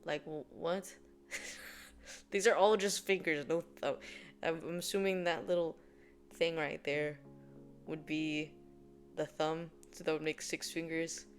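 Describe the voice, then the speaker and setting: A woman's voice: sits low, fairly even intonation, takes it slowly, pauses often, soft background music. A woman hosting a casual explainer video, rambling with lots of fillers and laughing often. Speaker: video host.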